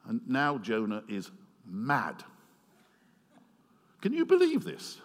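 A man preaching a sermon, retelling a story with animated swings between loud passages and quiet, earnest asides. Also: on the high side, normal speed. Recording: long hall reverb.

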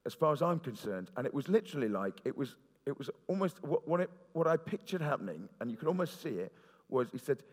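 A man's voice: medium pitch, very animated, a little fast. A man preaching a sermon in church, earnest and storytelling, with fillers and restarts. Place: church hall. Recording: reverberant church hall.

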